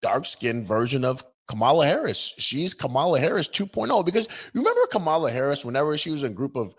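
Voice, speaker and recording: A man's voice: a little high, big pitch swings, fast talker, husky. Sarcastic male commentary host. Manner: sarcastic, mocking. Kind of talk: opinion commentary.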